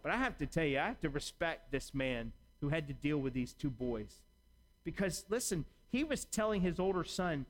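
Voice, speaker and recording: A male pastor delivers a sermon in a loose, conversational manner. His voice sits a little higher than most men's, and he slips into imagined dialogue to make his points. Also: sing-song, normal speed, rough recording.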